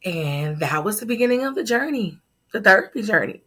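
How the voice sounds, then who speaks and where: A woman's voice: medium pitch, big pitch swings, fairly quick, fairly bright tone, breathy edge. A middle-aged woman, a startup founder, telling a heartfelt personal story in a podcast interview.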